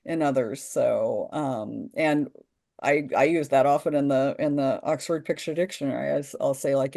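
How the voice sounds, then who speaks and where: A woman's voice: extremely low pitch, normal speed, creaky, mellow. A woman leading a video-call training session, chatting enthusiastically with participants. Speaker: workshop trainer. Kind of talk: casual group discussion.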